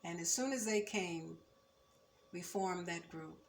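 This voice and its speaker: A woman's voice: on the low side, slight background noise. Reflective older woman telling her story. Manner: measured, reflective, firm when recalling injustice. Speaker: former student recounting memories. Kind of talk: oral history storytelling.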